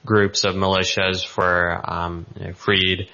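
A man in the audience asking a question, hesitant and full of fillers. His voice sits low and flat yet sounds bright and edgy. The recording is dull and lo-fi. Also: takes it slowly. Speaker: audience member.

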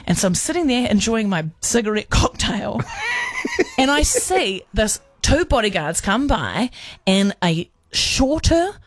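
A woman's voice: fairly high pitch, measured pace, dry recording. Chatty woman co-host, dry studio sound. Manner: animated, chatty storyteller with British slang. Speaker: radio show co-host. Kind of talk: casual studio chat.

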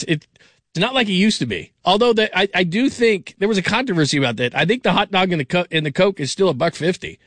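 Brief: middle-aged male sports radio host, slightly high voice, dry close sound, loose and rambling. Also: a bit bright, no room sound. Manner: rambling, laughing, many restarts. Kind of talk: late-night sports call-in chat.

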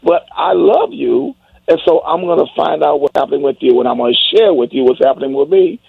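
A man's voice: animated, a little fast, gravelly, breathy edge. An older man hosting call-in radio talk, emphatic and preachy in manner. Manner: emphatic, preachy, wide swings in pitch. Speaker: radio host. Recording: dry, phone-like radio sound.

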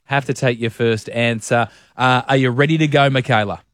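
A man hosting a radio quiz, teasing his co-host and reading questions briskly. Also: medium pitch, steady tone, fairly bright tone, no room sound.

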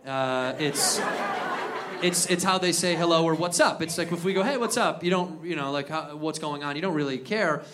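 A man performing an animated stand-up comedy set on stage, telling a story and acting out loud voices. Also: on the high side, moderate pace. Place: live comedy venue with audience. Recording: live show with crowd noise and laughter.

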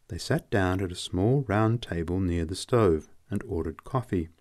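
A man reading short stories aloud as narrator, with an expressive, varied storytelling delivery. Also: low-pitched, moderate pace, hardly any pauses, no room sound, clean studio sound.

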